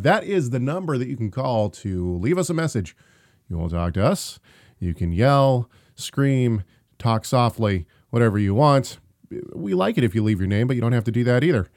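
A man's voice: medium pitch, big pitch swings, normal speed, darkish tone, dry recording. Chatty man hosting, dry close sound. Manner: rambling, self-correcting, laughs easily. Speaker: podcast co-host. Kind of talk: casual show chat.

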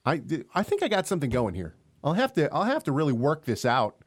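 A man's voice: fairly high pitch, huge pitch swings, fast talker. Joking, rambling male radio co-host. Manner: joking, rambling, laughs often. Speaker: co-host of an online radio show. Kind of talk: casual chat.

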